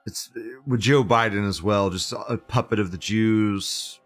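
A man's voice: fairly low pitch, unhurried, faint music behind. A man hosting a live show, reading chat aloud and ranting in a profane, sarcastic way. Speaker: livestream show host.

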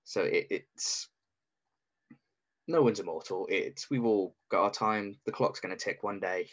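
A man's voice: lowish voice, measured pace, a bit bright. A British man in his twenties, a podcast guest in casual chat, talking in a hesitant, reflective way with many "um"s. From Britain. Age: 20s. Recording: muffled lo-fi audio.

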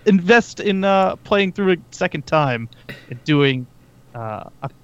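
A man's voice: high-pitched, expressive, slow pace, a bit bright, smooth. A man co-hosting a gaming podcast, teasing in a playful, mock-formal way with many hesitations. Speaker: podcast co-host. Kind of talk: casual chat. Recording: dull lo-fi mic with faint room hum.

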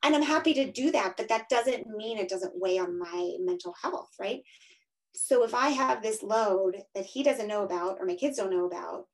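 A woman's voice: mid-range voice, moderate pace, low-quality recording. A woman in her thirties or forties giving a frank, emphatic interview answer, often tagging her points with "right?". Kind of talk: candid conversational interview.

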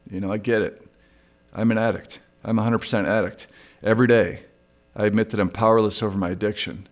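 Man, middle-aged, very low voice, candid, confessional podcast host. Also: steady tone, fast. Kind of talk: solo recovery podcast monologue.

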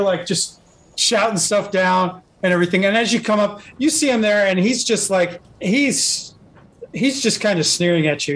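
High-voiced man running a tabletop game. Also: fairly bright tone. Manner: rambling, filler-heavy narration. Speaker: game master.

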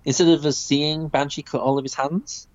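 A man's voice: a little high, fairly even intonation, normal speed, dull audio. A man chatting casually about a comic book, rambling with many fillers and restarts.

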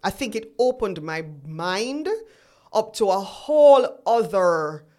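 A woman's voice: medium pitch, animated, slow pace, mellow. A woman in her forties, a guest on an interview show, telling her story in a chatty way and acting out remembered conversations. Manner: chatty, acts out remembered dialogue. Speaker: guest entrepreneur.

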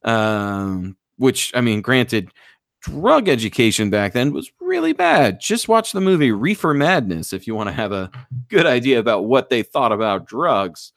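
Speaking a little slowly in a creaky, mid-range voice, a man co-hosts a casual podcast. He's a profane, animated storyteller, telling wild anecdotes with loose energy and sudden bursts of emphasis. The recording is dry, with no room sound.

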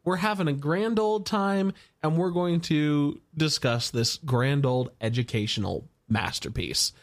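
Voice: mid-range voice, measured pace. A podcast co-host talking casually with wry jokes and asides. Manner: wry, expressive, joking asides. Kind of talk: casual podcast review chat.

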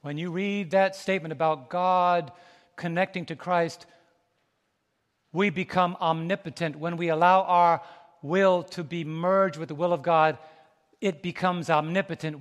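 In a church sanctuary full of long reverb, a pastor from the United States preaches with a high, animated voice. He engages his congregation through call-and-response questions, speaks in a folksy, colloquial way, and laughs between his homespun stories.

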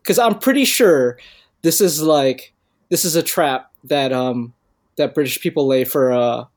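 Podcast co-host, man, teasing, hesitant, fairly high pitch. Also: measured pace. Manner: teasing, laughing, hesitant with fillers. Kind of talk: casual chat.

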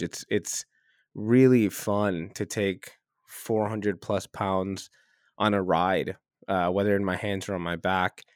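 A deep-voiced man in his thirties talks on his podcast in a loose, rambling way, full of fillers and small laughs at himself. He sounds a little stuffy and keeps clearing his throat. The room is dry and close, with no echo. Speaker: podcast host. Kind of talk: casual rambling podcast monologue. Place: windowless hotel room.

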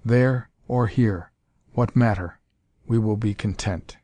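Grim quiet hero pilot read by a male narrator, low-key, storybook reading, dry. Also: slow pace, no echo. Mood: tender.

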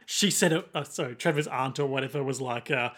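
A man's voice: medium pitch, a little fast, a bit bright. A young man co-hosting a podcast, chatting casually about an episode, playful, reading trivia aloud and laughing often. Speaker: podcast co-host. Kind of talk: casual recap chat.

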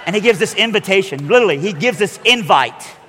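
A man's voice: high voice, expressive, quick pace, bright, forceful tone, in a large hall, a little hiss or hum. A man preaching a sermon, telling his story with animation and acting out the voices of the people in it.

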